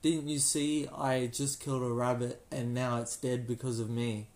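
Brief: upset young driver in a storybook tale, flat delivery, as a narrator puts him on. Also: male voice, mid-range voice, normal speed, natural voice. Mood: distressed. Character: upset young man who hit a rabbit.

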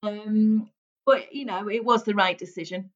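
This effusive hypnotherapist, a woman in her forties with a light Merseyside accent from England, gushes and laughs often while chatting casually as an interview guest. She speaks unhurriedly at a medium pitch with fairly even intonation, captured on dull, lo-fi audio.

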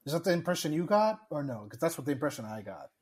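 A man's voice: a little high, big pitch swings, fast, a little mellow. A man co-hosting a casual podcast chat, ranting with exasperation and swearing often. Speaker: podcast co-host.

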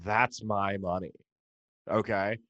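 Profane ranting American comedian. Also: male voice, lowish voice, fairly even intonation, slow, a bit bright, dry recording, muffled recording. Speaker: stand-up comedian. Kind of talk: comedic rant.

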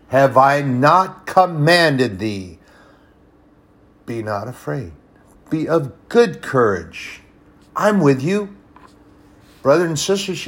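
Man preaching with big swings. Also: medium pitch. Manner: dynamic, swings from hushed to loud and emphatic; storytelling, personal anecdotes. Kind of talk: sermon.

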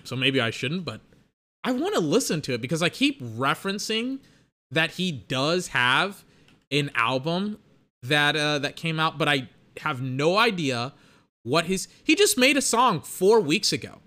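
A man's voice: a little high, big pitch swings, moderate pace, sharp tone. A young man casually reacting to rap songs, rambling and chatty, with music playing behind him. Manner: chatty, rambling, mocking impressions.

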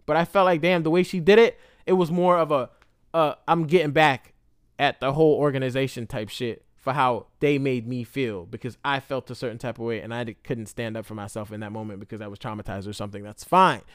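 A man's voice: medium pitch, steady tone, a little fast, smooth, no echo, clean studio sound. A man telling a personal story in a candid, rambling, emotional monologue full of profanity.

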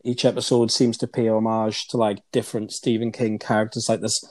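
A man's voice: lowish voice, level tone, fairly quick, a little mellow, no room sound. A man hosting a podcast, chatting casually with rambling asides and frequent laughs. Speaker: podcast host. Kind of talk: casual chat.

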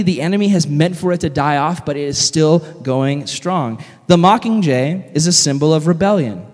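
An energetic male youth preacher with a fairly high voice who jokes and fires questions at his audience. His talk swings between quick asides and slow, emphatic points. The long reverb of a large hall follows every word. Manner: energetic, joking, quizzes the audience. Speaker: youth speaker. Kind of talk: sermon.

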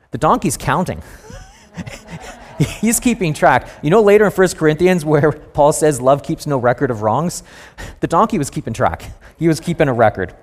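A man preaching a sermon to a congregation, telling a Bible story in a lively, storytelling way with playful asides. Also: on the high side, normal speed. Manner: storytelling, animated with voiced asides.

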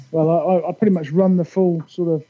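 Easygoing guest, man from England, high but very dark mellow voice, dull lo-fi sound. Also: fairly even intonation, normal speed, dry recording. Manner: easygoing, laughs lightly, hesitant. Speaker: guest, YouTuber. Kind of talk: casual podcast chat. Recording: dry, dull lo-fi audio.

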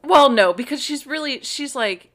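A woman's voice: high voice, animated, crowd noise. A woman co-hosting a podcast, retelling a TV episode in casual chat and quoting the characters' lines as she goes. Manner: plot-summarizing, acting out characters' lines in quick quotes. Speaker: podcast co-host. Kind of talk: casual chat recapping a TV show.

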